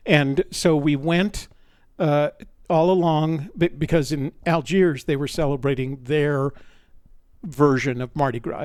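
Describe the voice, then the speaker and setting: A man's voice: a little high, a little mellow, no room sound, studio quality. A man telling a long personal anecdote in a casual storytelling manner, often restarting his sentences and stopping for asides. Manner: rambling, with frequent restarts and asides.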